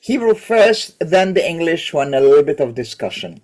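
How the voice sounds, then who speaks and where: A woman's voice: low-pitched, big pitch swings, normal speed, darkish tone. A woman teacher with a cold, lecturing on poetry in a thoughtful, digressive way that corrects itself as she goes. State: has a cold, coughing.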